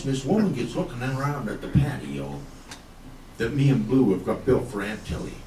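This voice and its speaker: A man's voice: medium pitch, darkish tone, distant mic, a little hiss or hum. A man telling comic country yarns on stage in a folksy, slangy way, chuckling through his lines. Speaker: country comedian storyteller. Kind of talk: stand-up comic storytelling. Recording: roomy, from off the mic.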